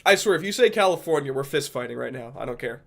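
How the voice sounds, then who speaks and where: A man's voice: mid-range voice, animated, fast talker, gravelly, a bit bright. A man from Rhode Island chatting casually with viewers on a livestream, rambling and joking with a fair amount of profanity. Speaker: streamer.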